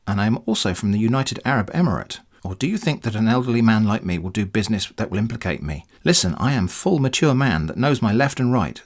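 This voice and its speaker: A man voicing a pushy, testy elderly male bank officer who is running a scam, reading the scam emails aloud. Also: lowish voice. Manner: insistent, testy, keeps calling you brother.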